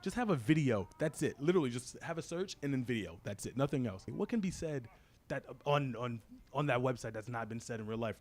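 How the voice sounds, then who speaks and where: Fast-talking man doing crude stand-up. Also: mid-range voice, sing-song, a little mellow. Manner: fast, crude storytelling with frequent "right?" asides. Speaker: stand-up comedian. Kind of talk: stand-up comedy routine.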